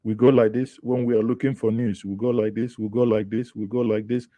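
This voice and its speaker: A Nigerian man from Southeast Nigeria hosts a live online news show from a studio, chatting with viewers, greeting them, and thinking aloud as he comments on the headlines. His voice is lowish and warm, with little pitch movement and a brisk pace. The sound has no echo.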